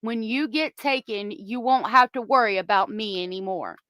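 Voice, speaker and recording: A woman hosting a commentary stream vents at viewers with angry, profane ranting into a close desk mic. Her voice is medium-pitched and fairly bright at normal speed, with no room sound.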